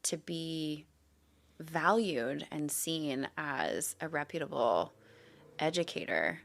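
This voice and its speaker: A woman's voice: deep voice, animated, slow, vocal fry. A woman co-hosting a casual podcast, speaking in a candid, earnest and emphatic way. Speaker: guest co-host, educator.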